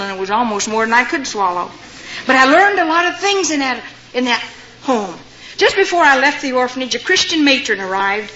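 An older woman, her voice a little high with a bright, forceful tone, addresses an audience with her personal testimony. Through storytelling, she acts out the voices of the people she describes. Faint noise runs through a dull, lo-fi recording.

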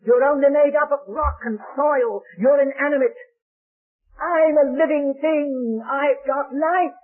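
Guy doing a little bragging tree, high slow voice, tinny old tape. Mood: boastful. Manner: proud, boasting. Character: tiny boastful tree on a mountain.

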